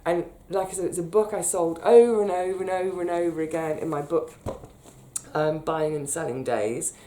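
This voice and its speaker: A British woman telling a personal story in a chatty, animated way, getting emotional as she recalls it. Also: lowish voice, normal speed, slight background noise. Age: 30s. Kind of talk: casual storytelling monologue.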